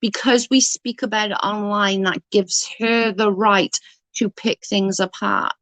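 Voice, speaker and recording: A woman's voice: mid-range voice, fairly even intonation, measured pace, a bit bright, no room sound. Outraged woman ranting on stream. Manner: outraged, emphatic, reads and answers chat. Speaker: live-stream commentator. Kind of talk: ranting live-stream commentary.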